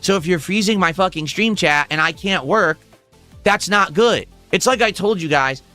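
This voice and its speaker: A man's voice: high-pitched, normal speed, bright, forceful tone, faint music behind. A man hosting a livestream, talking straight to his chat at home in a blunt, profane, exasperated way. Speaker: livestream host. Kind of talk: casual livestream talk to chat.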